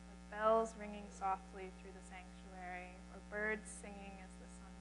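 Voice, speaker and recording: A woman's voice: mid-range voice, normal speed. A young adult woman, a seminary student, preaching a reflective sermon in a chapel and lingering on repeated phrases. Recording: reverberant sanctuary, faint mains hum.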